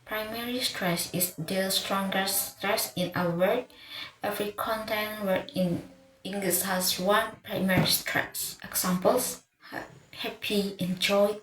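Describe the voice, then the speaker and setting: A woman teaches pronunciation in a slow, deliberate voice, often stopping to restart or repeat a word. Her voice sits at a middle pitch. The room is echoey, with a faint hum of ambience behind her. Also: fairly bright tone. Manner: restarts words, repeats them while reading notes. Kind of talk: slow, careful lesson delivery.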